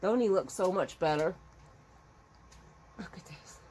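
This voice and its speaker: Her voice is fairly low, husky and darkish, and she takes her time. This middle-aged woman is a crochet vlogger at home with her dogs, chatting casually in a rambling, emotional way.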